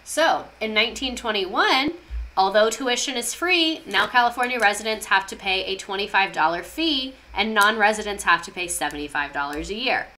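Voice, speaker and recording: Bright-voiced, irreverent woman teaching history. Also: medium pitch, animated, normal speed. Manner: irreverent, passionate, swears freely. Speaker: history vlogger. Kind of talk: casual history lesson.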